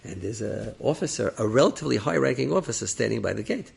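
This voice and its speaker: Male rabbi storyteller: gravelly, raspy, very lively delivery, acts out every character. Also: mid-range voice, fast. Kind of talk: animated storytelling.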